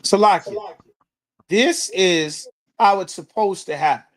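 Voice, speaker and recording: A man teaching scripture to a class in a blunt, forceful preaching manner with coarse language. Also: high voice, slow. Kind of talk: street-corner scripture teaching.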